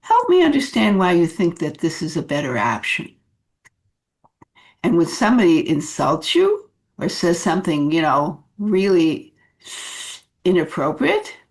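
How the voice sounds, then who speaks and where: Slow, lively woman leadership coach. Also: lowish voice, gravelly. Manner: unhurried, animated, many fillers. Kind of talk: coaching talk to camera.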